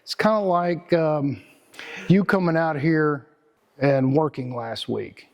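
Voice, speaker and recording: A man's voice: on the high side, slow pace, a little mellow. A middle-aged man with a Texan accent giving a casual, rambling motivational talk as host, repeating words and using slang.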